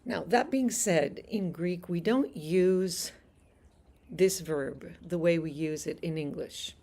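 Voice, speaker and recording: A woman's voice: fairly low pitch, slow pace, warm tone. A woman teaching a Greek lesson on a live stream from a house deck outdoors. She explains things patiently and laughs easily.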